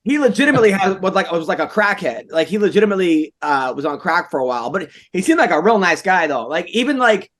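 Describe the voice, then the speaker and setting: A man co-hosting a fight podcast, chatting casually and rambling, getting loud when doing bits. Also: high voice, big pitch swings, fast talker, few pauses. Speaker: podcast host. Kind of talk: casual chat.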